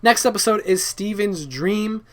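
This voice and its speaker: A man giving a casual, rambling review of cartoon episodes, halting and repeating words, with lots of ums and likes. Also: high voice, faint music behind. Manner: loose and informal, swears offhand. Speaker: video reviewer.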